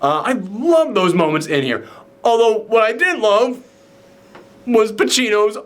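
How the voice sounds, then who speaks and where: A man's voice: high voice, sing-song, unhurried. A man hosting a casual movie reaction chat, enthusiastic and rambling, with lots of fillers and restarts. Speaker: film review show host.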